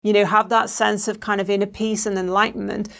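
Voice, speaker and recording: A woman's voice: mid-range voice, level tone, a little fast, gravelly, fairly bright tone. Female co-host, thoughtful questioner, hesitant delivery. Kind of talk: conversational questioning.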